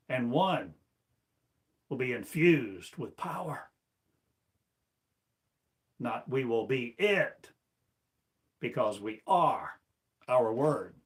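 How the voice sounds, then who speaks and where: A male spiritual teacher delivering a sermon in a slow, deliberate cadence. His voice sits in an ordinary middle register. He builds the talk from one rhetorical question after another, declaiming each. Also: mid-range voice. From United States.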